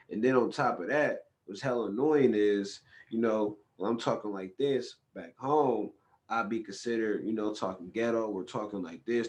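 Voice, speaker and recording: A man from California, hosting a podcast in a casual, profane, animated storytelling style. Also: medium pitch. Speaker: podcast host. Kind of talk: casual chat.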